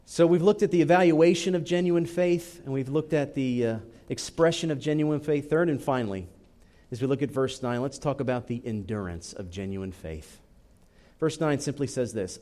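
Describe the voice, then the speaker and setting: A man preaching a sermon, rising high and loud when he acts out cries to God, then dropping low and quiet for emphasis. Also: a little fast. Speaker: pastor.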